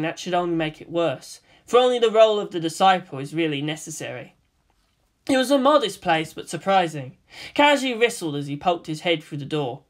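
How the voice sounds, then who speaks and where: Fan-fiction story narrator, expressive storytelling, lively animated pitch, reading aloud.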